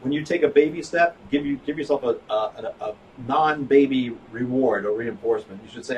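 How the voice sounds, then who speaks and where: A psychologist hosting a live broadcast from an office chats in a rambling, joking way, restarting as he goes. His voice is medium-pitched and a little mellow, brisk with few pauses. He's recorded from far off with faint noise.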